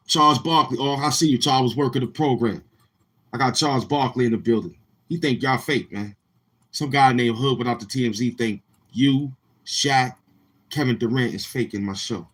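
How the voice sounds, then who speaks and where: A man hosting a trash-talking live stream, his voice husky and a little rough. He drawls slowly and mockingly, leaning on long hums between his lines. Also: mid-range voice, fairly bright tone, low-quality recording. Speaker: livestream show host.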